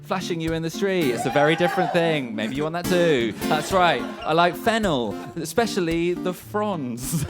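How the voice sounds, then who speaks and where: A young man hosting a comedy show, freestyling rhymes full of quick puns. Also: fairly high pitch, expressive, loud music behind the voice. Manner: quick punning wordplay. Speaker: host.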